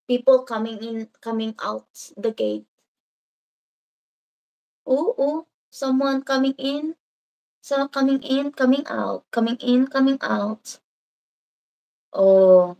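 Filipina lady on a live stream, high bright voice, slow rambly chat reading out comments. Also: rough recording. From Philippines (Davao). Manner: chatty, rambling, mixes in Filipino words. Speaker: livestream host.

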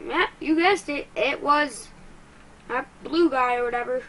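High-voiced excitable woman gaming YouTuber. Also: slight background noise, low-quality recording. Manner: excitable, quick to frustration, self-mocking. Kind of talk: let's-play commentary.

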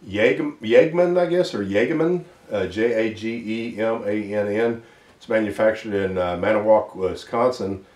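Low-voiced man talking shop, roomy sound. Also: recorded from a distance. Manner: unhurried, thinking aloud with many fillers. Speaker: ammunition reloading hobbyist. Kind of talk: casual instructional talk. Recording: roomy sound, mic set back.

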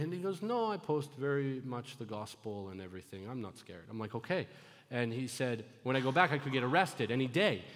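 A male pastor preaching a sermon, telling stories and moving between loud, urgent exhortation and hushed, low retelling. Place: church sanctuary. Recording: long church hall reverb.

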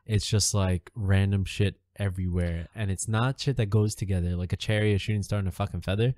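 Guest, male, lowish mellow voice, blunt and sardonic, heavy swearing. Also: steady tone, a little fast, dry recording, studio quality. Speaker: podcast guest. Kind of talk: casual chat.

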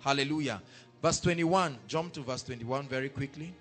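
A man preaching a sermon, breaking in with hallelujah and rising to loud, emphatic scripture reading. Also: mid-range voice, moderate pace. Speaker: pastor. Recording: faint music behind.

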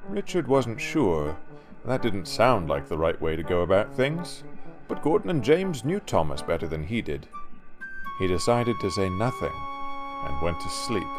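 A man narrating a storybook in an expressive storytelling manner. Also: deep voice, measured pace, over music.

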